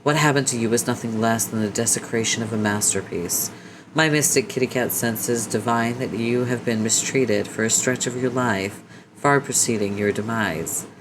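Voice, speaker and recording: A man's voice: mid-range voice, moderate pace, noisy background, lightly acted. A man voicing a gallant cat-person suitor who speaks in flowery, theatrical praise. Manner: courtly, theatrical.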